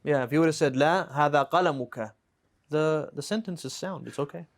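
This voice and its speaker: A man with a slightly high voice teaches a classroom grammar lesson. He moves patiently through example after example, stopping now and then to make sure his students are following. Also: fast talker. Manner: patient, explains with repeated examples and checks "right?". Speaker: Arabic teacher.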